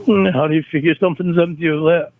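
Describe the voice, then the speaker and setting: A man's voice: a little high, fairly even intonation, quick pace. A man on a recorded phone call, talking in a pleading, defensive way.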